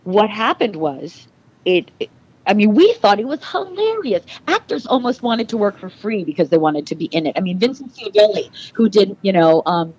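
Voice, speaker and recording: A middle-aged actress chatting as a podcast guest, telling animated stories and acting out quoted dialogue. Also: female voice, mid-range voice, moderate pace, husky, highs cut off. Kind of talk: casual interview.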